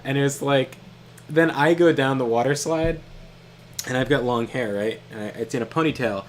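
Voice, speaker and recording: A man's voice: medium pitch, moderate pace, slight background noise. A young man casually telling a funny story to his brother while they play a game, laughing often and swearing freely. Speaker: co-host of a gaming stream.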